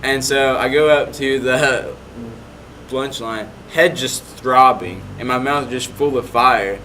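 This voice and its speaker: A man's voice: mid-range voice, takes it slowly, bright, forceful tone, slight background noise. A young man casually telling a rambling story, full of "like" fillers.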